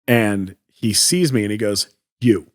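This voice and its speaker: A man's voice: mid-range voice, expressive, moderate pace. A man from Canada telling a story casually as a podcast guest, acting out quotes and using many fillers.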